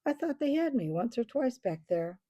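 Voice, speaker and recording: A woman's voice: a little high, big pitch swings, normal speed, warm tone, lo-fi sound, pitched above the performer's own voice. A woman voicing a plucky mother squirrel who speaks in a breathless, candid way in a storybook reading. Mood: weary.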